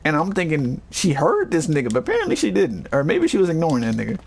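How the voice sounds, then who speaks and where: A man hosting a casual chat, telling profane, animated stories packed with quoted dialogue. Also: on the high side, fast talker, gravelly, a little hiss or hum. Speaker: host.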